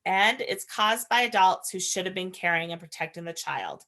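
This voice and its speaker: Low-voiced woman teaching a training class. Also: moderate pace, sharp tone. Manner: earnest, explanatory, shares personal stories. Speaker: foster parent trainer. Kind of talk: conversational training lecture.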